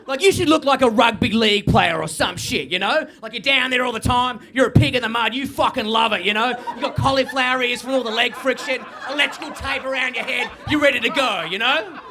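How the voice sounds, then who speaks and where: Brash, bright-voiced Australian stand-up comic. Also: male voice, brisk, few pauses, soft background music. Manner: high-energy, brash and swearing. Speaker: stand-up comedian. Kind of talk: stand-up comedy set.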